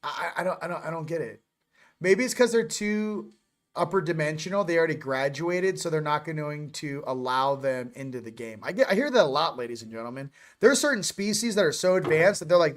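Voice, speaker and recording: Joking, rambling man with a higher voice. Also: expressive, fairly quick. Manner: joking, rambling, self-interrupting. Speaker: host. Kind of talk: casual morning livestream chat.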